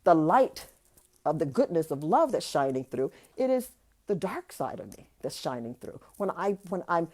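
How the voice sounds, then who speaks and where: A woman's voice: low voice, very animated, normal speed, a little mellow. Earnest woman life coach, repeating for emphasis. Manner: earnest, repetitive, restarts and repeats phrases for emphasis. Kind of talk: motivational coaching talk.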